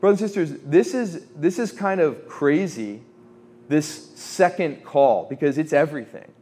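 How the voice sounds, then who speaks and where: A man in his twenties giving an informal faith talk to students, conversational, with quick asides and quotes he acts out. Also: a little high, expressive, dark tone. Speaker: campus ministry speaker.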